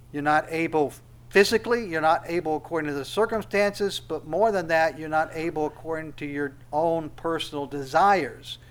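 A man preaching a sermon verse by verse, dropping to a soft, hushed tone and then rising to loud, emphatic stress, slowing down on scripture phrases. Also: a little high. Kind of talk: expository sermon.

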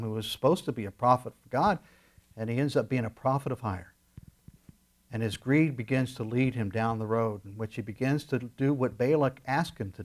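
A pastor with a mid-range voice preaches a sermon, alternating between loud, emphatic lines and quiet asides.

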